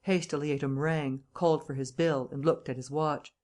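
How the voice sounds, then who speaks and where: Woman reading a novel aloud, measured. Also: sits low, fairly even intonation, a little mellow. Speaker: audiobook narrator. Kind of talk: scripted audiobook narration.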